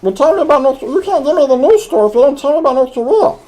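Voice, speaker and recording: A man's voice: extremely high pitch, animated, very fast, a little mellow, rough recording. A man voicing a naive, clueless young man who argues defensively in comedic gaming banter. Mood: confused. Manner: argumentative, defensive.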